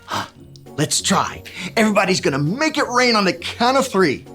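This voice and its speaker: A woman's voice: medium pitch, very animated, moderate pace, fairly bright tone, faint music behind. Luis the Handyman, a playful kids' storyteller, as a woman puts him on. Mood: cheerful. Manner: playful, calls kids to join in. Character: cheerful male handyman storyteller. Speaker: children's church presenter. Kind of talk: kids' Bible story with actions.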